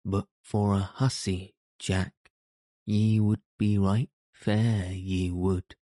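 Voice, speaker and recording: A man's voice: low-pitched, flat delivery, slow pace, dark tone, dry recording, clean studio sound. A man reading a bold, teasing teenage outlaw boy. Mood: boastful. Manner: jesting, archaic speech. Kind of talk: audiobook character reading.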